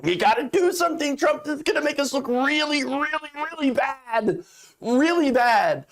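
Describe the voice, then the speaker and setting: Pleading, whiny male TV pundit, high and stretched as a commentator puts him on. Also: lively intonation, normal speed, gravelly, heavily acted. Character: pleading middle-aged male TV pundit, panicky.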